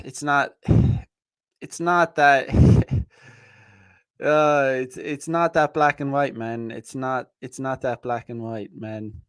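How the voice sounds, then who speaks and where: A man's voice: medium pitch, steady tone, extremely slow, smooth, no room sound. Guy ranting loose and crude on his show, lots of restarts, dry close sound. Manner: blunt, profane, rambling with many restarts. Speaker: podcast host. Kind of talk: casual livestream monologue.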